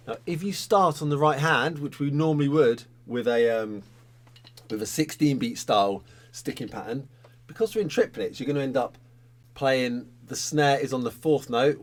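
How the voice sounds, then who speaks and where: A man's voice: mid-range voice, animated, normal speed. A man teaching a drum lesson, talking casually and counting sticking patterns aloud.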